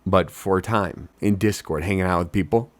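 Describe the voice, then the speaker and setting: Brief: young man, very deep announcer voice, dry close sound, mock-boastful vlog talk. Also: moderate pace, dry recording. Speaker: wedding DJ and hobby voice actor. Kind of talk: casual self-mocking vlog talk.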